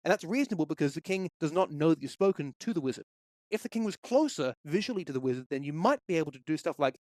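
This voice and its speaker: A man's voice: fairly high pitch, expressive, quick pace, darkish tone, no room sound. A man walking through a game development tutorial, explaining each step steadily into a close microphone. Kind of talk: screen-recorded tutorial.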